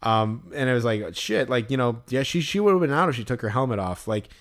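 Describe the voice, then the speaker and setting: A man's voice: mid-range voice, a little fast, a bit bright. A man co-hosting a podcast, chatting casually and rambling, with lots of "like" and fillers, acting out what people said. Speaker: podcast co-host recapping a show. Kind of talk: casual chat.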